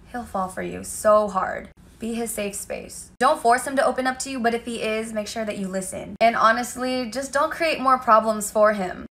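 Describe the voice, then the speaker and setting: A woman's voice: fairly high pitch, pushed and bright. A young woman giving casual dating advice straight to camera, sassy and direct, calling her listeners sis.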